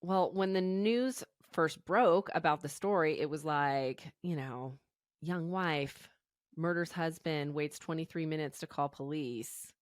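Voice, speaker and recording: Low-voiced woman retelling a crime casually. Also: a little slow, dry recording, studio quality. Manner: chatty, storytelling with fillers like "you know". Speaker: podcast co-host. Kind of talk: casual true-crime chat.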